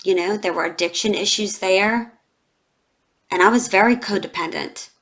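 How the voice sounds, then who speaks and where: With a medium-pitched, fairly bright voice at a moderate pace, this woman in her forties reads tarot for her audience in an emotional vlog. Speaking straight to viewers, she is candid, heartfelt, and confiding, nearly in tears and leaning on many fillers.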